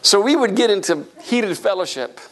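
A middle-aged man preaching a sermon, telling stories and acting out voices in a jokey, animated way. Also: high-pitched, normal speed. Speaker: pastor. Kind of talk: lively sermon with storytelling.

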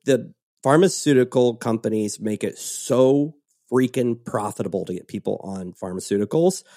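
A man in the middle of his range hosts a relaxed podcast chat. He tells stories with energy and slips into quoted voices. The sound is dry and close to the mic. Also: medium pitch, normal speed, dry recording. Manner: animated storytelling, acts out quotes. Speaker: podcast host. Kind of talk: casual podcast conversation.

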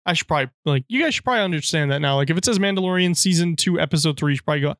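A man's voice: on the high side, racing, a bit bright, dry recording, clean studio sound. A man co-hosting a podcast, rambling through a recap in casual chat with lots of filler words. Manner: rambling recap, heavy use of "like". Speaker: podcast co-host.

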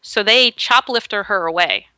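A woman in lively storytelling mode, her pitch jumping around as she acts out the people in her tale. Her voice is bright and clear, recorded dry and close. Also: normal speed, no echo. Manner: animated, quotes people in voices. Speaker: guest storyteller. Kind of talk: casual storytelling chat.

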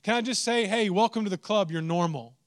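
A man preaching a sermon, animated and humorous, swinging into mock exasperation. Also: high-pitched, fast talker. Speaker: pastor.

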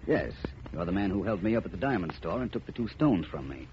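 Vance, a suave detective. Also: male voice, low voice, sing-song, quick pace, a little hiss or hum. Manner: urbane, dry and wry. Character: suave male gentleman detective, cool and wry. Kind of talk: 1940s radio acting. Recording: muffled old radio broadcast.

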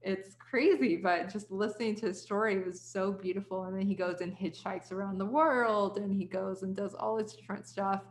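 A woman's voice: mid-range voice, steady tone, moderate pace, few pauses, echoey room. A woman podcast host casually retelling a story she heard, with lots of filler "like"s and quoted dialogue.

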